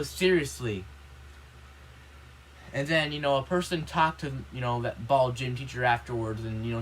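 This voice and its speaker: A man's voice: on the high side, a bit bright, slight background noise, rough recording. A man vlogging in a casual, rambling monologue, indignant and complaining, filling every line with "you know" and "like".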